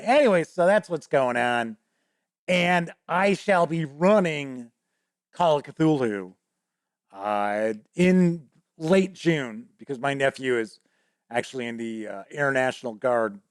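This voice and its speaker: A man's voice: a little high, no echo, studio quality. A man hosting a show, telling a rambling, casual story about running a tabletop game, often laughing and swearing now and then. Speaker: host.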